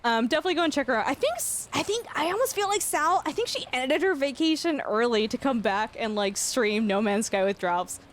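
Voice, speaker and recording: A young woman chatting casually on a live stream, telling an embarrassing story with lots of laughter and sudden high squeals. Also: a little fast, hardly any pauses. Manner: animated storytelling, frequent laughter, rising squeals. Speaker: livestreamer.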